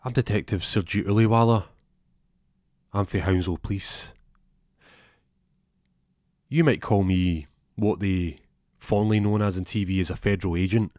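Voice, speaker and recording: A man's voice: lowish voice, a little slow, pauses often, a little mellow, no echo, studio quality, close to an everyday voice. A man voicing a self-important young detective who rambles off topic. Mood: pompous. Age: 20s.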